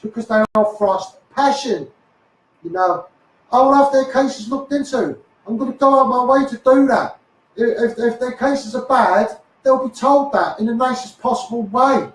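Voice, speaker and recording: A Scouse man with a very high voice rants angrily through a live stream. He swears, trips over repeated words and keeps coming back to "mate" and "you know". His voice sounds distant and bounces around an echoey room. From Liverpool, England. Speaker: activist livestreamer. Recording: echoey room, voice far from the mic.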